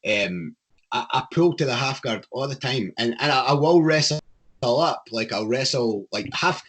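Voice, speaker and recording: A Scottish man in casual chat, animated and opinionated, with a passionate way of talking. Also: medium pitch, normal speed, breathy edge. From Scotland.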